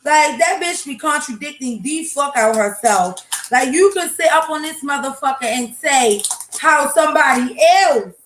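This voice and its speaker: Blunt high-voiced woman ranting on a livestream. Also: moderate pace, fairly bright tone. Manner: blunt, profane, ranting, talks to chat. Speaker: livestream host. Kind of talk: casual morning livestream talk. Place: home, kitchen. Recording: echoey room with faint noise.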